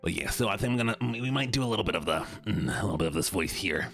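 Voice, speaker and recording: A man voicing a male goblin king who is menacing and silly, with a deep, gravelly, drawn-out delivery. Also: expressive, fairly bright tone, soft background music, heavily acted. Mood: musing. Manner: mock-threatening, drawn out. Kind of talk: live stream bit.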